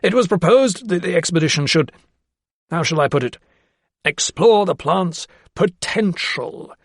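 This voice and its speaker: Guy doing a stiff old gentleman scientist, formal, pushes his words hard, dry close sound. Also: lively intonation, normal speed, vocal fry, no room sound, exaggerated voice. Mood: guarded. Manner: emphatic, formal and raised in pitch. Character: solemn, guarded elderly gentleman of science.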